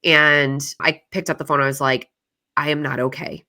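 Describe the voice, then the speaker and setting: Low-voiced woman podcaster, kinda sharp bright tone, swears a lot, says like constantly, super confessional. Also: steady tone, normal speed. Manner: casual, swears freely, many "like" fillers; emotional, confessional storytelling. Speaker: podcast host. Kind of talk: candid solo podcast monologue.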